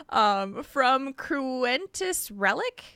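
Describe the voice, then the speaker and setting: Young female co-host, bubbly and quick to laugh, bright lively voice. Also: sits high, clear, resonant tone, no echo. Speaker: podcast co-host. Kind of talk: casual chat, reading listener messages.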